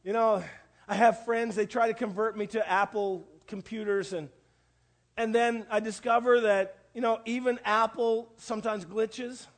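A preacher with a fairly high male voice delivers a sermon. He tells homely stories with puns, and he repeats key phrases to drive them home. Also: steady tone, measured pace. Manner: folksy storytelling with jokes and repetition for emphasis. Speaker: pastor.

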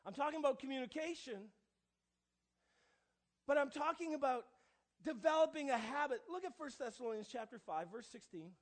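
A male pastor preaching a sermon in church, alternating quiet asides with loud, emphatic declarations. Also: very high voice, lively intonation, moderate pace, long pauses. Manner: swings between hushed asides and loud emphatic proclamations.

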